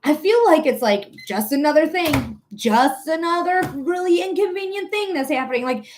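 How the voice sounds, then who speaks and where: A woman's voice: high voice, animated, moderate pace, a little hiss or hum. Chatty Detroit woman hosting a live reading. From Metro Detroit, Michigan. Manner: chatty, giggly, thinks out loud. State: sleep deprived. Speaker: psychic reader and livestream host. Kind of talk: casual live-stream chat.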